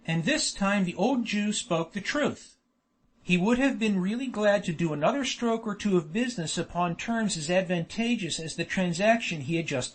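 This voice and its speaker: A man narrating a novel as an audiobook, in a measured, expressive storytelling manner. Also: high voice. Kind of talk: scripted narration.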